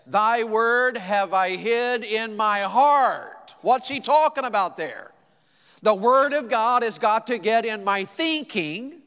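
A man from Tennessee with a Southern accent, preaching a sermon, telling folksy stories with quick asides and slow, emphatic lines. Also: high-pitched, fairly bright tone. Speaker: pastor. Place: church auditorium. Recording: long hall reverb.

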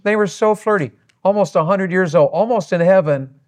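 A middle-aged man preaching on marriage, telling a story in a folksy, animated way. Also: high-pitched, fairly quick.

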